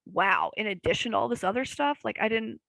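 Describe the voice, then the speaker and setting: Casual young woman podcast host, rambling and self-deprecating, gravelly voice, dry close sound. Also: a little high, fast talker, fairly bright tone, dry recording, rough recording. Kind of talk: casual chat.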